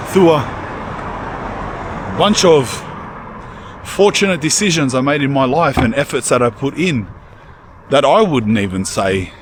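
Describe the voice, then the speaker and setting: A man vlogging casually outdoors in a cold town, chatting in slang and calling people bro. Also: mid-range voice. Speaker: YouTuber and rapper. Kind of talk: casual travel vlog talk. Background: street and traffic sounds.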